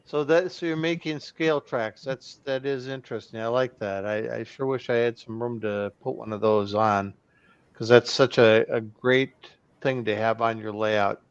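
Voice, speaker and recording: Smooth-voiced man chatting on a dull line. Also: mid-range voice, fairly even intonation, normal speed, dry recording. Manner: friendly, joking, chatty. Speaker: guest in a model railroad chat. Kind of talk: casual chat.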